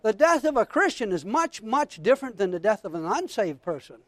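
High-pitched fervent preacher man. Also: a little fast, dry recording. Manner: fervent, calls out to the congregation; preaches from scripture with rising excitement. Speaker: pastor. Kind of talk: sermon.

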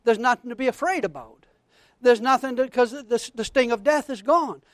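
A man preaching a sermon as pastor, fervent and calling out to his congregation, reading scripture with rising excitement. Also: extremely high pitch, normal speed, dry recording, studio quality.

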